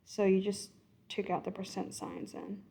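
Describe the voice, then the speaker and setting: A woman's voice: mid-range voice, flat delivery, normal speed, vocal fry, warm tone, breathy edge. A woman thinking aloud as she works through a coding exercise, correcting herself and murmuring code as she types. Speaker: coding tutor. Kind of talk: screen-recorded coding walkthrough.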